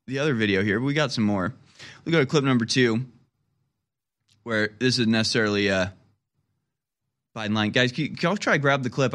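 A male host delivering political commentary with heavy sarcasm, rambling through asides and jokes. His voice sits at an ordinary mid pitch for a man, neither high nor low. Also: a bit bright.

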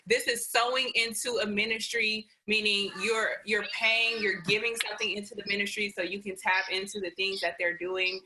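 A woman's voice: medium pitch, flat delivery, moderate pace, hardly any pauses, pushed and bright, a little hiss or hum, low-quality recording. A woman guest on a podcast, talking passionately and urging listeners like a preacher. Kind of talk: casual podcast chat.

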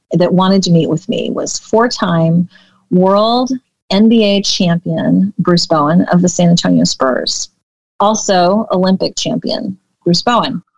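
Animated woman telling a story, low voice. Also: dry recording, muffled recording. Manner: animated storyteller who acts out dialogue. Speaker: business coach guest. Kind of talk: storytelling in a podcast interview.

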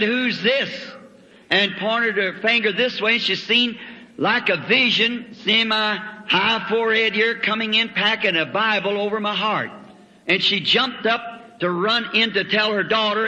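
Male preacher, high, very bright tone, folksy revival storytelling, dull old recording in a reverberant hall. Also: moderate pace. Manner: folksy storytelling with rural grammar. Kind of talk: revival sermon testimony.

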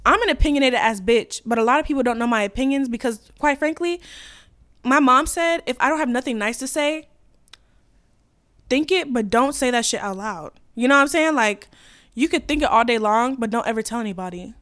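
A young woman hosting a podcast, ranting in a blunt, profane, sassy casual chat that swings between loud and quiet. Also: on the high side, expressive, a little fast. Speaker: podcast host.

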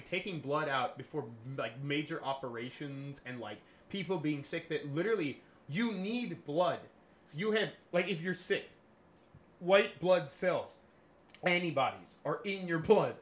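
A man's voice: on the high side, normal speed, echoey room, slight background noise. A man hosting a casual podcast, telling a history story with lots of swearing and laughter. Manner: swears freely, laughs often, animated storytelling. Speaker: podcast host presenting a history topic.

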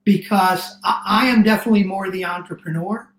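An earnest middle-aged man speaking as a guest coach in casual interview talk. He gets emotional and rushes into restarts as he tells his story. The sound is roomy, with a noticeable echo. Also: high voice, steady tone, a bit bright, a little hiss or hum.

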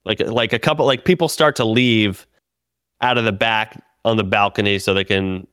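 A man, a comedian and podcast host, telling a story in casual chat, animated and full of swearing and restarts. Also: on the low side, moderate pace, clean tone, no echo, studio quality.

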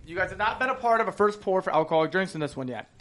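A man hosting a casual outdoor beer tasting, talking in a bossy, profane way with sudden loud outbursts. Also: high-pitched, animated, rapid-fire. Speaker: podcast host leading a beer tasting. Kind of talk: casual chat.

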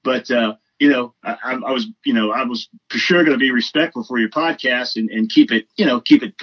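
A man's voice: mid-range voice, a little fast. Effusive man on a lo-fi line. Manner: effusive, rambling with many fillers. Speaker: podcast guest; comedian. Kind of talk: casual chat.

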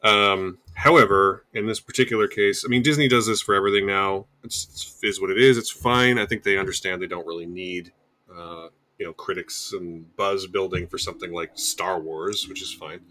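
Lower-voiced rambling podcast host. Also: male voice, normal speed, bright, forceful tone. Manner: rambling, self-correcting, wry. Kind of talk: casual chat.

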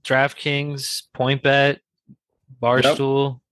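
A man's voice: medium pitch, monotone, very slow, a bit bright, clear, resonant tone, dry recording. A man in a casual podcast chat, easygoing and understated, playing a quiz. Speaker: podcast co-host and quiz contestant.

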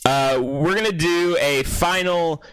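A man's voice: fairly high pitch, takes it slowly, fairly bright tone, clear, resonant tone. A man hosting a casual group chat, laughing often and stumbling through his lines. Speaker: podcast host.

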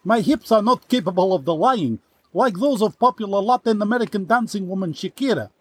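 A man voicing a shady Russian state journalist in a comedy sketch, with a fake Russian accent, broken English and mock-earnest, deadpan menace. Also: high voice, fairly quick, slightly rough. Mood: smug.

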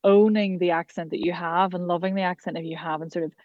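Chatty Irish woman, low dull voice. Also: steady tone, darkish tone, no room sound. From Ireland. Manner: chatty, enthusiastic, quick asides. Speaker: voice and accent coach. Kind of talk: casual interview chat.

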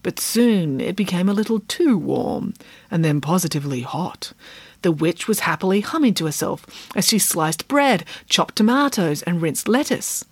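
A woman reading a comic children's story aloud with playful, expressive narration. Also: lowish voice, normal speed, husky, no echo. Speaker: audiobook narrator. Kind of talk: scripted narration.

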